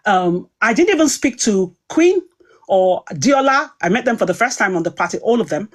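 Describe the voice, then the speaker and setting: A woman's voice: medium pitch, expressive, moderate pace. A woman talking heatedly on a livestream, emphatic and rambling as she goes. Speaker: online commentator.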